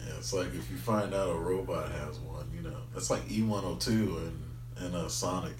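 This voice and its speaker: A man's voice: low voice, normal speed, echoey room, music in the background. A man co-hosting a podcast who chats in a laid-back, joking way. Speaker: podcast co-host. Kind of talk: casual chat.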